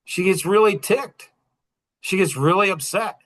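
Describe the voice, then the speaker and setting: A middle-aged man hosts a podcast and tells a personal story to a small circle. His voice is bright and forward and sits a little high. He talks with animated energy and breaks into short chuckles between points. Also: a little slow. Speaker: podcast host.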